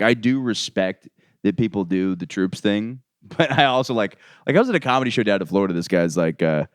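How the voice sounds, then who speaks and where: Male podcast host, fast talker, low-ish voice, dry booth sound. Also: no echo. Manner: fast, rambling, laughs often. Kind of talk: casual comedy podcast chat.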